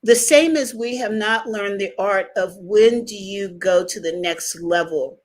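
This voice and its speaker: A woman's voice: medium pitch, unhurried. A woman from the United States hosting an interview, telling stories with lots of laughter. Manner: animated storyteller, laughs often. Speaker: podcast host. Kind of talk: conversational interview.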